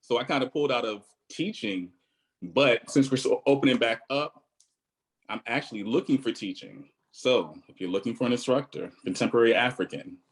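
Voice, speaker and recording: A man's voice: mid-range voice, moderate pace, low-quality recording. A man with a Virginia accent, a choreographer on an online panel, talking earnestly on a video call and thinking aloud. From Virginia, USA.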